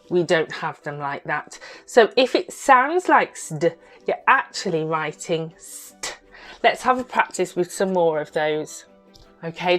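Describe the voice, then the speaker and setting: Slow, encouraging phonics teacher. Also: female voice, lowish voice. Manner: slow, exaggerated sounding-out of words; bright, encouraging praise. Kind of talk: teaching a phonics lesson to young children.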